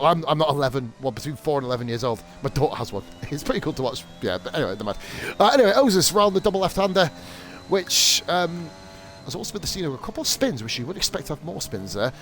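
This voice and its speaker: A man's voice: a little high, a bit bright. Sweary, rambling male race commentator. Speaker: sim racing league commentator. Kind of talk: live stream commentary.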